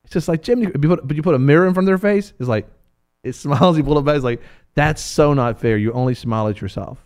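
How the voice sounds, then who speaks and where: In this sermon-style Bible teaching, a man performs the voices of biblical characters in a lively, playful way. He speaks on the high side and races along.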